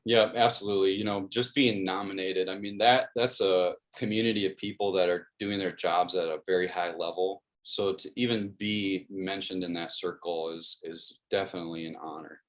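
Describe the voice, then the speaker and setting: A man's voice: low-pitched, fairly even intonation, moderate pace, hardly any pauses. A man, telling stories as a guest in an interview, earnest and friendly, with many restarts and "you know"s. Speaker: guest, sports video producer. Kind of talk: casual interview storytelling.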